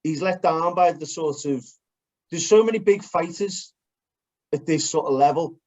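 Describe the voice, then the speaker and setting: A man with a Liverpool accent co-hosting a podcast in casual chat, blunt and quick to swear. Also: a little high, darkish tone. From Liverpool, England. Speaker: podcast co-host. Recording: dull lo-fi podcast audio.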